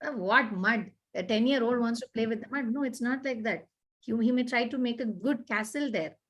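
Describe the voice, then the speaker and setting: High-voiced woman explaining parenting advice. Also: normal speed. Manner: earnest, repetitive, animated explaining with acted-out examples. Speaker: parenting expert guest. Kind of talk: conversational advice talk.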